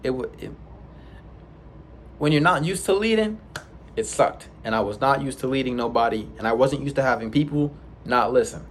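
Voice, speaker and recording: A young man casually recounting his own experience in a vlog, rambling with restarts and sound effects like "boom". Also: animated, normal speed, long pauses, slight background noise. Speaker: vlogger. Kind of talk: casual storytelling.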